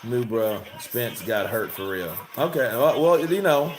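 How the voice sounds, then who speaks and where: Animated, profane boxing livestream host. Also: male voice, mid-range voice, a little slow. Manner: profane, heated, rambling and animated. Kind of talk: casual live commentary.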